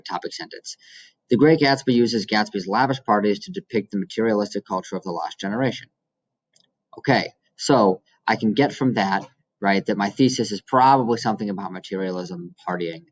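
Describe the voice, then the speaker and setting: A man's voice: lowish voice, rough recording. A male teacher explaining how to quote and cite in essays, walking through examples step by step. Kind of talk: recorded classroom lesson.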